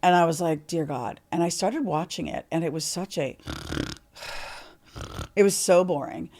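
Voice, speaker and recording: A woman's voice: fairly low pitch, measured pace, darkish tone. Middle-aged woman from canada, chatty guest, tells it straight and swears a lot. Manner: chatty and candid, swears freely. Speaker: podcast guest. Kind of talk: candid interview storytelling.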